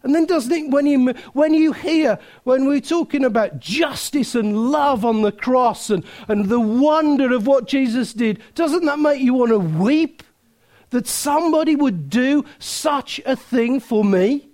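A man's voice: very high voice, measured pace, darkish tone. A man preaching a sermon, emphatic, full of rhetorical questions and restarts.

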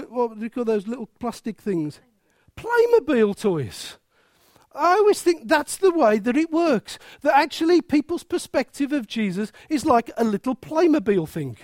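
A preacher in full sermon, emphatic and playful, peppering the talk with rhetorical questions. The delivery is unhurried and deliberate. The voice sits close and dry, with no room around it. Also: high-pitched, darkish tone, no echo.

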